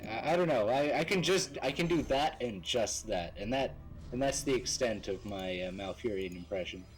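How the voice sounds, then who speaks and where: A man's voice: on the low side, animated, moderate pace, low-quality recording. A man chatting and joking in casual gaming banter with friends over voice chat. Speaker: gamer on stream.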